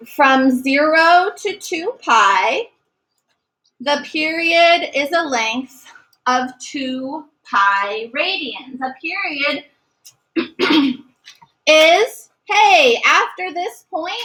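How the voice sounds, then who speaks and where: A woman's voice: sits high, fairly bright tone, poor audio. A woman teaching a math lesson to a class, encouraging and sometimes singing short note patterns. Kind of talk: classroom lecture.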